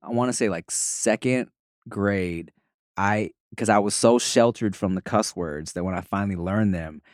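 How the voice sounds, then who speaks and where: A man's voice: lowish voice, moderate pace, dry recording. A man hosting a podcast in casual chat, a laid-back, slangy storyteller who laughs often, recorded close on a studio microphone. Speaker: podcast host.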